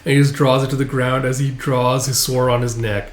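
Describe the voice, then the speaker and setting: A man's voice: medium pitch, level tone, fairly quick, hardly any pauses. A man casually narrating a comic recap in a loose, rambling way with many fillers. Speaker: manga recap host. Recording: roomy echo.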